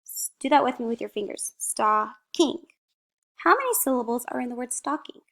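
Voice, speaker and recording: A woman teacher giving a slow, encouraging phonics lesson to young children, saying each word out clearly, asking a question and then giving the answer. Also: high voice, big pitch swings.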